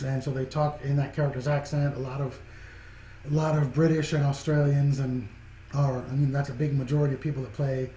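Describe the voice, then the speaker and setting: In a casual spoken film review, a man rambles, repeats and restarts his phrases, and chuckles often. His voice is medium-pitched with a dark tone. The room is echoey, with faint background noise.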